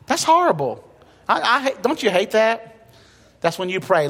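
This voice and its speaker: A man's voice: a little high, big pitch swings, moderate pace, noisy background. A male pastor preaching a sermon in a conversational way, with light humor and emphatic repetition. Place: church sanctuary. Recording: long reverb of a church hall.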